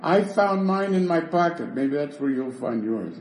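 A man teaching a Talmud class, rapidly reading Hebrew and Aramaic text and explaining it in English. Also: fairly high pitch, lively intonation, darkish tone. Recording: echoey room with faint noise.

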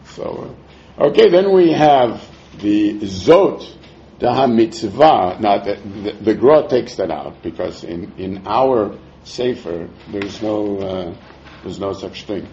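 Man, Talmud class teacher, gravelly voice, lively rising and falling pitch, chuckling explanations, muffled lo-fi recording. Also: slow pace, slight background noise. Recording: dull lo-fi recording.

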